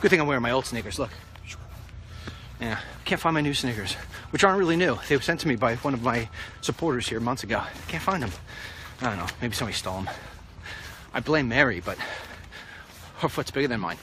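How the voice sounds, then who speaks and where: In a walk-and-talk vlog, this commentator rambles bluntly about politics to the camera while traffic goes by outside. He speaks at medium pitch, a little fast and animated, pausing often, his tone pushed and bright.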